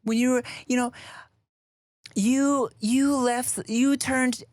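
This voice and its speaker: A man voicing his nagging older mother, high and whiny. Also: steady tone, slow, darkish tone, dry recording. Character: nagging older Thai mother, guilt-tripping.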